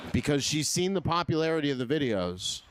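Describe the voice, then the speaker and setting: A man works the crowd in a stand-up set, loose and full of profanity. He laughs frequently and his pitch swings up and down, with noise audible in the background.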